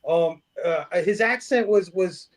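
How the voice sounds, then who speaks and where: Guy with a high voice chatting about a movie, swearing, lots of stumbles and laughs. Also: unhurried. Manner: swears freely, many restarts, laughs often. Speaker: podcast co-host. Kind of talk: casual movie review chat.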